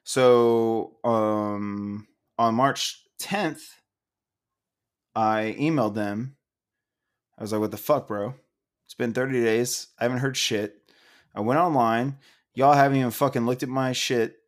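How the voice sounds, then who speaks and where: A man co-hosting a casual podcast, ranting loudly and angrily with lots of swearing and laughter. He is a little drunk. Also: medium pitch, steady tone, slow pace, pauses often. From Oklahoma, USA. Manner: loud, profane, ranting, laughing. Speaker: podcast co-host.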